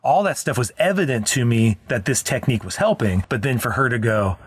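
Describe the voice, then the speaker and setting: A man's voice: medium pitch, animated, brisk, breathy edge, no echo. Earnest male podcast co-host. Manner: earnest, explanatory, with frequent restarts. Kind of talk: casual parenting chat.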